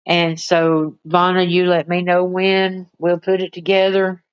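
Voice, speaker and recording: Slow, low-voiced woman. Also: monotone, smooth, no echo, dull audio. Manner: rambling, chatty, talks to pets in high baby voice. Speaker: livestream host. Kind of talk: casual livestream chat with viewers. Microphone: phone.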